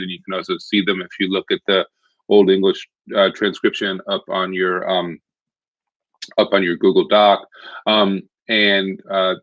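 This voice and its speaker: A man's voice: on the low side, a bit bright, dry recording. A man explaining literature in a conversational recorded lecture, step by step. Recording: dull lo-fi recording.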